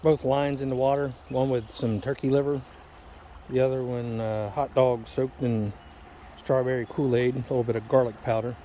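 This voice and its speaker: A man narrates his riverside fishing outing into a handheld camera in a relaxed, folksy way, slipping in small jokes. His voice sits at an ordinary middle pitch. Soft outdoor ambience and birds hum faintly behind him. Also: moderate pace. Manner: folksy, chatty, jokey. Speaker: fishing vlogger. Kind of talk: casual vlog narration.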